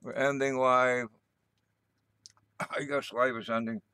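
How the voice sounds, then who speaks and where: An older man hosting a casual livestream, rambling and repeating himself, gruff and cursing mildly as he wanders between stories. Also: medium pitch, little pitch movement, slow pace, pushed and bright, no echo. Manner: repetitive, meandering, gruff with mild cursing. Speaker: livestream host. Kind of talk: rambling casual live chat.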